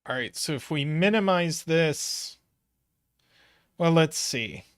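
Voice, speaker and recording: A man with a somewhat high voice hosts a live puzzle stream, trading playful jokes with his chat. He thinks aloud as he works, and the sound is dry and close. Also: lively intonation, slow pace, smooth, no room sound.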